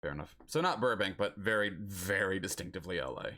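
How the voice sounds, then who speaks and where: Animated young man thinking aloud. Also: low-pitched, fast. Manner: thinks aloud, musing and chatty. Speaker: streamer playing a geography guessing game. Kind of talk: casual game-stream chat.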